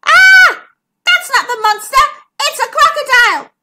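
Woman doing a young female zebra, squealing, excitable, whiny, very high voice. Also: slow pace, very noisy, heavily acted. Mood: panicked.

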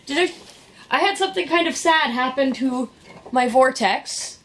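Woman, vlogger, casual rambling story, animated, sarcastic asides. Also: sits high, normal speed. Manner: animated, sarcastic asides, quotes people in voices.

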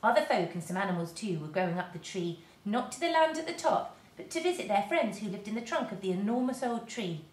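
A woman, a teacher, reading a children's storybook aloud to her class in a lively, expressive way. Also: medium pitch, brisk, few pauses. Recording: roomy echo.

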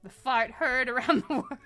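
Faint music plays behind a woman streaming a game, her high voice unhurried and fairly bright. She chats casually, giggling constantly, swearing freely and breaking into shrieks of laughter.

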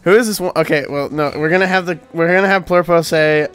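A man's voice: on the high side, fairly even intonation, fast, fairly bright tone, clear, resonant tone, faint music behind. A young man casually reading an AI-written adventure story aloud with a co-host, cracking jokes and giggling. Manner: jokey, giggly, reads story text aloud with asides.

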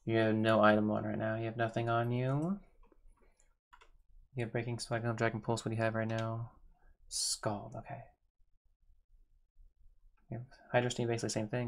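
A man's voice: lowish voice, creaky. A man giving casual gameplay commentary, thinking aloud, repeating himself and talking to his game characters. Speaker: gaming YouTuber.

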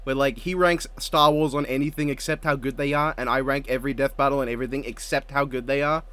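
A man in casual chat, animated and laughing often, swearing freely, recorded with lo-fi home mic audio. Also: mid-range voice, fast talker, clean tone. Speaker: co-host.

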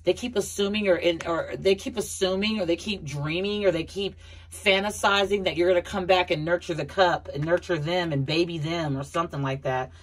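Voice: medium pitch, fairly quick. An adult tarot reader giving a casual, blunt reading to viewers, repeating points and talking to them as a collective. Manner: chatty, repeats herself, addresses viewers as a collective; blunt, occasional swearing.

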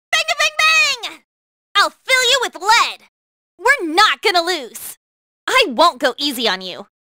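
Panther, feisty teen thief. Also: female voice, very high voice, no room sound, studio quality, heavily acted. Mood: combative. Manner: feisty, taunting battle shouts. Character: fiery teenage girl phantom thief with a whip. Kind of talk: video game battle voice lines.

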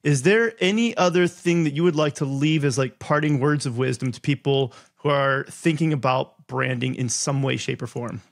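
A man's voice: mid-range voice, moderate pace, vocal fry, hardly any pauses. A man hosting a podcast interview, chatty and friendly, laughing easily as he tells a story. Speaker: podcast host.

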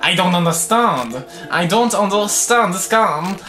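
A young man in his twenties with a Swedish accent, commentating a game while swearing, muttering low and yelling high. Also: a little slow, echoey room, faint music behind. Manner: loud, swearing, swinging between low mutters and high yells. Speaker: gaming video host. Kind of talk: gameplay commentary.

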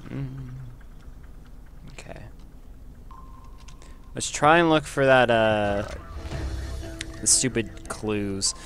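A man giving casual commentary over his own gameplay, chatty and quick to exclaim when things go wrong. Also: medium pitch, music in the background. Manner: chatty, easily frustrated, exclaims at setbacks.

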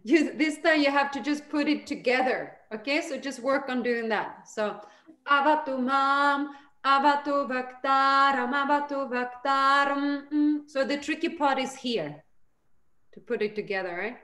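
A woman teaching a group chanting lesson over a video call, patient and encouraging, demonstrating each line slowly. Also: high-pitched, expressive, roomy sound.

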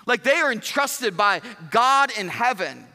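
Animated high-voiced preacher, long reverb. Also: male voice, unhurried. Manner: animated, acts out quoted dialogue, asks the congregation questions. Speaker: pastor. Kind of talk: sermon.

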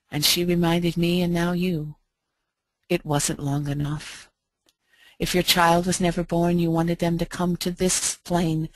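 A middle-aged American woman telling a heartfelt personal story in a gentle, slow, reflective way with soft pauses. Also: on the low side, no echo. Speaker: speaker.

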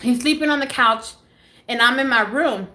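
Woman in her own home, live phone vlog, tells a story casually, swears a lot and acts out every quote, bright and lively. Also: on the high side, moderate pace. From United States. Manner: animated, swears freely, acts out others' lines. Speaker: beauty vlogger. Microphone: phone camera.

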